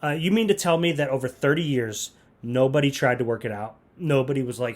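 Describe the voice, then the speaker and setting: A man's voice: mid-range voice, expressive, fairly quick. A man giving a comedic, grumpy movie review monologue with sarcastic, rambling asides. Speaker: youth ministry comedy reviewer.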